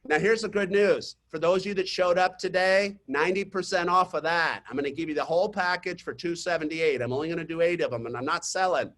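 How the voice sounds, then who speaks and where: A man coaching real estate agents in a webinar, telling chatty stories to the audience and pitching his program. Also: fast, hardly any pauses, fairly bright tone. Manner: chatty storytelling, talks straight to the audience. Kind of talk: webinar presentation with sales pitch. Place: online webinar.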